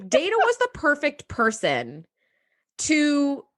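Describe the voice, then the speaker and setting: Lively high-voiced woman co-host. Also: slow. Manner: animated, nerdy, swears casually. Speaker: podcast co-host. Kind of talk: casual chat.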